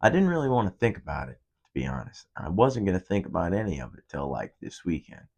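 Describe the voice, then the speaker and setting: A man's voice: deep voice, very animated, fast talker, gravelly, a little mellow, husky. A young man hosting a podcast, telling a rambling, profane story in a casual monologue. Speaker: podcast host.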